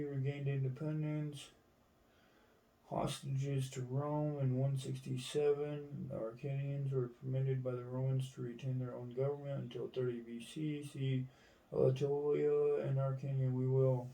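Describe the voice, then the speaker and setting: A man's voice: mid-range voice, creaky, warm tone. An American man reading encyclopedia entries aloud in a casual way, skipping parts and throwing in profane asides. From United States. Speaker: reader going through an encyclopedia. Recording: echoey room, mic at a distance.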